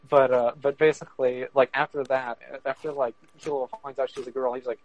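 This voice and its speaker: A man's voice: mid-range voice, fairly even intonation, normal speed, a little mellow, low-quality recording. Rambling man chatting on a podcast. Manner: rambling, many fillers and laughs. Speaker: podcast co-host. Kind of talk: casual chat.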